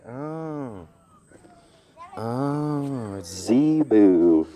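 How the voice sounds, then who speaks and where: A man's voice: medium pitch, expressive, extremely slow, darkish tone. A man live-streaming from an outdoor petting zoo, talking nonstop with crude, joking banter into a handheld mic. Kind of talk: casual live-stream commentary.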